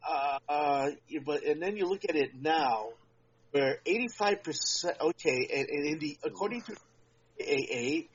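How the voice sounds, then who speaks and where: A man's voice: on the high side, expressive, breathy edge. A man co-hosting a podcast in casual chat, talking at length and leaning hard on his points. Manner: talks at length with emphatic, drawn-out points. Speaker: podcast co-host. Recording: dull lo-fi podcast audio.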